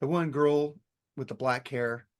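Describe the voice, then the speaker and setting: At medium pitch, a little slow and clean in tone, this man co-hosts a podcast and casually walks through comedy sketches. He animates the story by performing the sketch voices and swearing freely.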